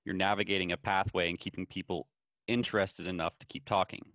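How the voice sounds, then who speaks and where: A man's voice: deep voice, level tone, fast talker, fairly bright tone. A man hosting a podcast, chatting casually and mostly adding brief agreeing remarks. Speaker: podcast host. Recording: roomy, dull lo-fi sound.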